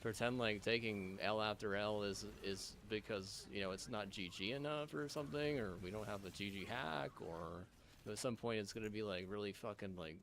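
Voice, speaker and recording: A man's voice: on the low side, normal speed, fairly bright tone, a little hiss or hum. A man streaming, in a rambling rant full of swearing, restarts and filler words.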